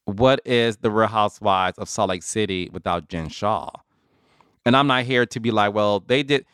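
Smooth-voiced man hosting a chatty podcast. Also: lowish voice, normal speed, dry recording, studio quality. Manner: chatty, animated, addresses listeners as y'all. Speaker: podcast host. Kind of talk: casual solo commentary.

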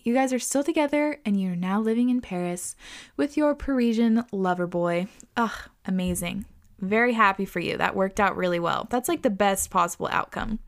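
A woman hosting a podcast, reading listener stories aloud in an expressive way, swearing and laughing often. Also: medium pitch, normal speed. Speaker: podcast host.

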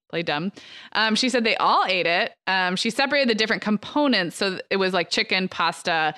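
A woman's voice: fairly low pitch, expressive, a little fast, bright, forceful tone, clean tone, dry recording, studio quality. A woman in her thirties co-hosting a podcast, chatting casually and telling stories with frequent fillers. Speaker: podcast co-host. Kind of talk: casual chat.

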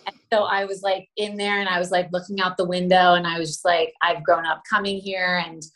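Pregnant woman guest from LA, effusive and chatty, acts out quotes, slightly low register. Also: little pitch movement, brisk, fairly bright tone. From Los Angeles, USA. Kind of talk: casual chat.

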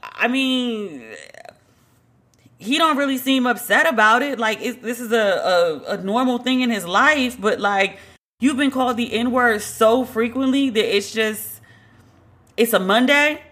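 A woman telling a story in a casual monologue, chatty and animated, full of "like" fillers. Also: on the high side, a little slow. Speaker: podcast host.

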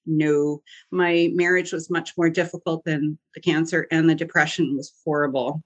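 A woman, a podcast guest who tells her story in a lively, jokey way and acts out the voices of the people in it. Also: sits low, moderate pace, few pauses, rough recording. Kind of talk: animated storytelling chat.

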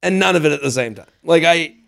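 Gravelly man in lively podcast chat. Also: on the high side, fast talker. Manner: animated, jokey, lots of restarts. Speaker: podcast co-host. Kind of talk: casual chat.

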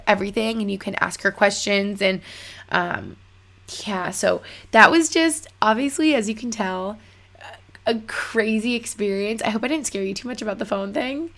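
A woman's voice: medium pitch, moderate pace, gravelly. A young woman telling a story casually to her viewers, chatty and full of fillers. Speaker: vlogger.

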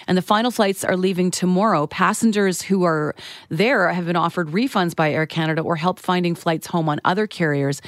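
A woman co-hosting a morning radio show, reading news and celebrity headlines in a brisk, wry way. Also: lowish voice, no echo, clean studio sound. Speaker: news and trending segment co-host.

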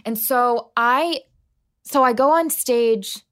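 A woman, a podcast guest, telling a personal story in an interview, animated and full of "like" fillers. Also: on the high side, takes it slowly, clean tone.

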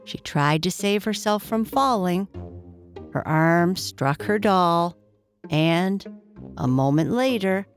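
A woman narrating a bedtime story in a slow, gentle, soft-spoken way. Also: fairly low pitch, expressive, soft background music.

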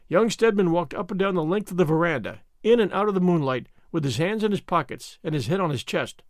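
A man narrating an adventure novel in steady storytelling style. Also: high-pitched, fairly quick, hardly any pauses, no room sound, studio quality. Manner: steady storytelling between voiced lines. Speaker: audiobook narrator. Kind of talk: scripted narration.

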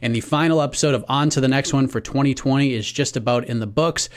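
A man's voice: mid-range voice, fast talker. A man co-hosting a sports podcast, chatting casually and wrapping up the episode. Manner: upbeat, wraps up the show. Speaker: podcast co-host.

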